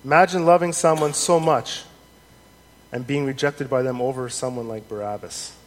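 A man preaching a sermon in an earnest, measured way, reading scripture aloud with rising emphasis. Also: mid-range voice, fairly even intonation. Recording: long hall reverb, faint noise.

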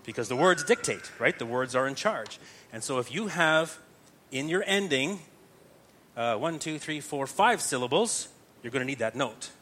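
A man patiently teaches Gregorian chant to a group, explaining step by step and frequently asking "right?". His medium-pitched voice is sharp and lively in intonation at a normal speed, over slight background noise.

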